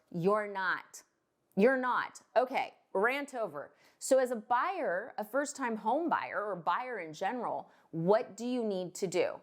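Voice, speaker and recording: Blunt, fired-up woman loan officer ranting. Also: medium pitch. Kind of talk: ranting vlog to camera.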